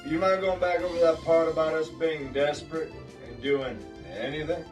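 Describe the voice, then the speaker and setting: A man's voice: a little high, fairly even intonation, normal speed, distant mic, music in the background, lightly acted. A man doing a folksy, hesitant bowling alley manager. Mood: plaintive. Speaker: game show contestant. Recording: voice from away from the mic.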